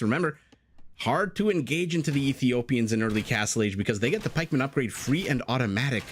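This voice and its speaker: A man's voice: medium pitch, a bit bright, slight background noise. A man casting a strategy game live, chatting jokily with his chat and wandering off on tangents. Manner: chatty, jokey, digressive, reads out chat messages. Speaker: game caster.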